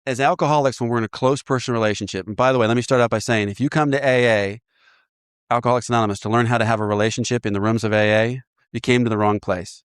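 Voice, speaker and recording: A man sponsoring in a recovery program, walking a listener through an inventory in a lively, joking way with frequent laughter. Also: medium pitch, fast talker, clean tone, no echo, clean studio sound. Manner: animated, laughs often, acts out voices. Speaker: AA sponsor guiding a step inventory. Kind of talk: casual teaching talk.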